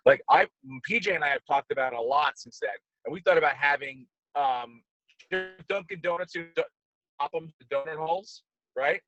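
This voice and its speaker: A man talking in a loose, rambling way, joking and starting sentences over, his voice sitting a little high for a man. The sound is dry and close, with call audio that breaks up now and then. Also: brisk, sharp tone, dry recording, poor audio. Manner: rambling, joking, restarts often. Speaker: podcast host. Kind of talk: casual chat on a video call. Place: in a car.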